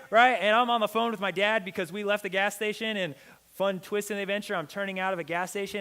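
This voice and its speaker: Young man, youth pastor, chatty sermon storytelling, slightly high voice, long hall reverb. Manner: animated, chatty storytelling with many "like"s. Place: church hall.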